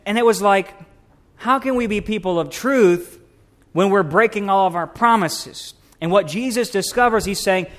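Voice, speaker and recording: A middle-aged man delivers a sermon in a church, his fairly high voice climbing as he presses each point. He preaches with rhetorical questions and building emphasis. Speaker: pastor. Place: church sanctuary.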